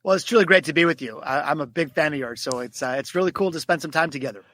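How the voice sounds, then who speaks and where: Man, 40s, podcast guest, quick energetic storytelling, slightly high voice. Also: no echo. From Detroit, United States. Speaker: guest author. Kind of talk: podcast interview.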